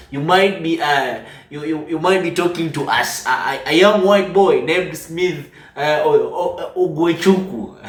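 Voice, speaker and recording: A man hosting a casual reaction video, reading comments aloud with stumbling restarts and chuckles. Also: fairly high pitch. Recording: roomy echo, distant from the mic.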